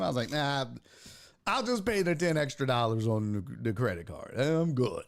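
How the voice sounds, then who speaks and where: Animated, profane male storyteller. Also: mid-range voice, brisk. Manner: animated, profane, acts out voices in his anecdotes. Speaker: sports podcast host. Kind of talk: casual storytelling.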